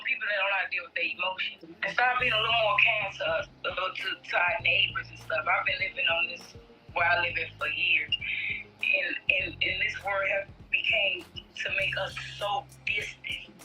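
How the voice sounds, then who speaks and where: A woman's voice: medium pitch, bright, forceful tone, low-quality recording. A woman speaking, earnest and emotional, often repeating herself and speaking with religious conviction. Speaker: interview guest. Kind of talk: emotional video-call interview.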